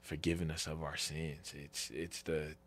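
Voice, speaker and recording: A tearful man in his thirties with a very deep voice shares his faith story. He talks in halting, tender bursts and restarts his sentences often. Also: flat delivery, fairly bright tone. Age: 30s. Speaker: podcast guest. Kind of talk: emotional faith testimony.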